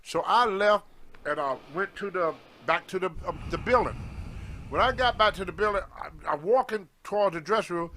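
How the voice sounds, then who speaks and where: A man telling a story in casual talk, animated and acting out the voices of the people in it, with loose grammar. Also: high-pitched, normal speed. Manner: animated, acts out others' voices in his stories, loose grammar. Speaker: guest storyteller, former wrestler.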